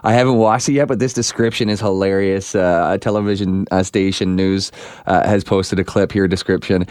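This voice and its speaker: A man's voice: low voice, fairly even intonation, fairly quick, a little mellow, smooth, dry recording. A man co-hosting a podcast, reacting with jokes and cracking up easily as he reads a news description aloud. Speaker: podcast co-host. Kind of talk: casual chat and reading aloud.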